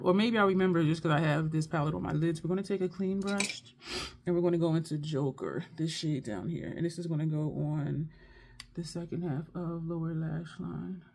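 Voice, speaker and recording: Woman makeup vlogger, low register with vocal fry, chatty and thinking out loud. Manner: chatty, thinks aloud while working. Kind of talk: casual makeup tutorial chat.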